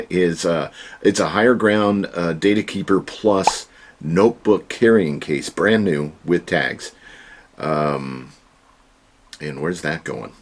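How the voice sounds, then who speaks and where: Man, deep low voice, folksy, joking asides, casual vlog host, home storage room. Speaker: online reseller and channel host.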